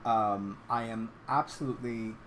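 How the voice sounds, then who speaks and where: A man's voice: unhurried, a little hiss or hum. A man talking casually to his viewers about what has been on his mind lately. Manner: switches to a high animated baby-talk voice when addressing his cat. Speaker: vlogger. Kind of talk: casual vlog talk to camera.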